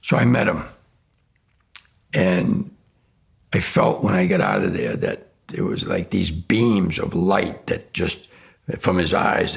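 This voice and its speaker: Gravelly older coach, husky and emphatic. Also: male voice, low voice. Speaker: college football coach. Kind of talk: documentary interview.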